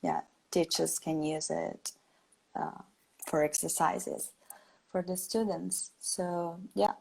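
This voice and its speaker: Slow, gravelly-voiced woman interviewer. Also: on the low side, fairly even intonation, a little mellow, low-quality recording. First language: Italian. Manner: slow, hesitant, reads questions aloud. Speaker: interviewer reading viewer questions. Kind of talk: live stream interview.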